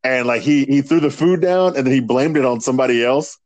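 A man's voice: mid-range voice, fairly quick. A man co-hosting a casual podcast, retelling wrestling segments in a loose, profane way and acting out the people he quotes. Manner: profane, animated retelling with impressions. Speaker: podcast co-host. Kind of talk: casual chat.

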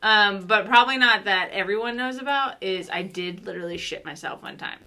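A young adult woman, telling a story in casual chat, animated and profane, laughing through her words. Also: medium pitch, a little fast.

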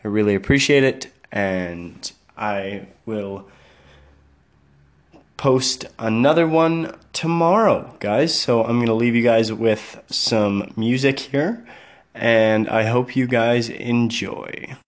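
A man's voice: mid-range voice, slow pace. A man hosting his own podcast, closing the episode in a loose, hesitant way with many fillers. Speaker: podcast host. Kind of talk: casual podcast sign-off.

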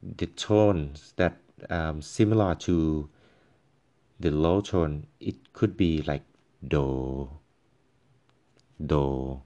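Slow, deep-voiced male language teacher. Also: mellow, lo-fi sound. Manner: patient, halting, with many fillers and pauses; demonstrates tones by voicing syllables and musical notes. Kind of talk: tone pronunciation lesson.

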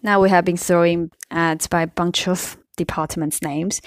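A woman's voice: fairly low pitch, steady tone, measured pace, dry recording. A woman reading a novel aloud and chatting about it, thinking aloud in a casual way. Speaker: book reader and commentator. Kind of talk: casual book commentary.

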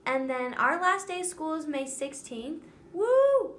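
A woman's voice: sits high, very animated, a little slow, fairly bright tone. A teenage girl chatting casually as a student co-host, giggly and chatty, with lots of fillers. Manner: giggly, chatty, says "like" a lot. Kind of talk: casual chat.

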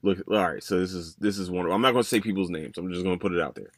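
A man's voice: deep voice, racing, no echo, clean studio sound. Profane, rambling man hosting a podcast. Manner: rambling, profane, animated storytelling. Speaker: podcast host. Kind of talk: casual solo podcast chat.

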